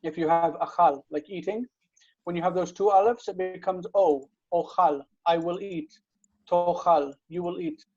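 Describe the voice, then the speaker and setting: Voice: medium pitch, moderate pace, a little mellow. Teacher going thru hebrew verbs on a video call, patient, lots of ums, kinda muffled audio. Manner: patient, explains with many fillers and restarts. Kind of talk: online grammar lesson.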